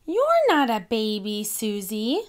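A woman voicing a small, excitable girl piglet in a storybook, using a high childlike voice. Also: takes it slowly, exaggerated voice. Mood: excited.

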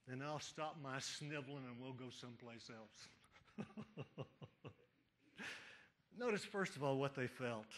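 A pastor delivers an Easter sermon from a church pulpit, his voice set fairly high for a man. He builds to urgent runs of rising questions, then sinks to hushed single words. He speaks directly to the congregation throughout. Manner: preaching with rising emphatic questions and hushed drops. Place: church sanctuary.

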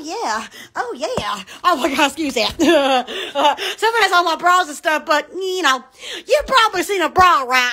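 A middle-aged woman chatting on a livestream, giggling and bursting into loud exclamations. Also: very high-pitched. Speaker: livestream host. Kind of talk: rambling livestream chat.

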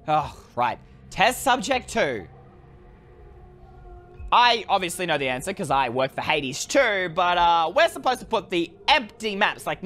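A woman giving chatty, animated let's-play commentary to her viewers, often exclaiming in excitement. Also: lowish voice. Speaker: gaming video creator.

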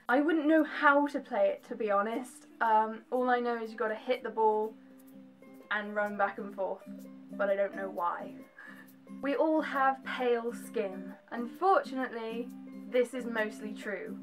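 A young woman from England with an English accent and a slight American twang, chatting to camera with animated, jokey asides in a home vlog. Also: a little high, a little slow, faint music behind. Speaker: vlogger. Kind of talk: casual chat to camera.

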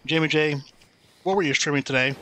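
A man's voice: fairly high pitch, a little fast, pushed and bright, a little hiss or hum. A man streaming a video game, joking and rambling as he thanks chat by name. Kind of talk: casual live-stream chat.

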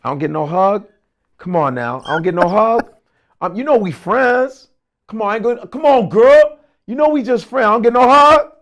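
A man's voice: high-pitched, expressive, normal speed, a bit bright, voice pushed up. A man doing a whiny guy begging for hugs. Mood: whiny pleading. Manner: whiny, wheedling pleading. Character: pushy man begging a woman for a hug.

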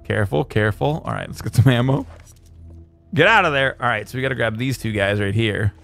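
A man's voice: medium pitch, expressive, fairly quick, vocal fry, soft background music. A man commentating his own gameplay, chatting casually and taunting enemies in playful bursts. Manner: playful trash talk to enemies, bursts of shouting in fights. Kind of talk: let's play commentary.

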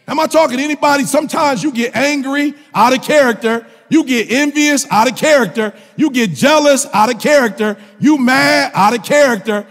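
A male minister preaching a sermon in a colloquial, joking style, with impassioned shouts and repeated phrases. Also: very high voice. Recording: long reverb of a large hall.

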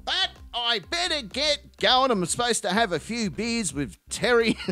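A man's voice: extremely high pitch, expressive, a little slow, bright, forceful tone, faint music behind. A man hosting a commentary channel, delivering a crude, profane, insulting comedic rant.

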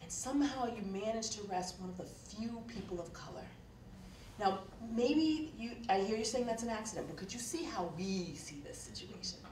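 A woman's voice: mid-range voice, lively intonation, normal speed, a little mellow, far from the mic, slight background noise. A woman giving a keynote address, telling a story in an earnest, conversational way with frequent fillers. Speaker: keynote speaker. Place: lecture hall. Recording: echoey hall recorded from afar.

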